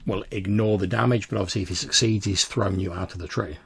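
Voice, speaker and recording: A man's voice: lowish voice, steady tone, quick pace, vocal fry, a little hiss or hum. A man narrating as game master in a casual, descriptive manner, full of filler words.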